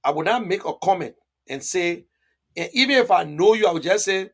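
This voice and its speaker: A man hosts a political live stream and talks back to viewer comments. He argues hard and repeats himself for emphasis, and his voice sits fairly high for a man. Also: expressive, normal speed, husky. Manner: emphatic, repetitive, argumentative.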